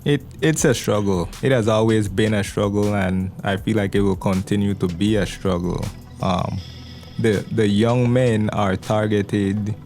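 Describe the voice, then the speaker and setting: A man, a pastor answering interview questions in an earnest, steady way. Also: fairly low pitch. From Belize. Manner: earnest, steady, repeats small words as he thinks. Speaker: pastor, podcast guest. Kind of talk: measured conversational interview answers.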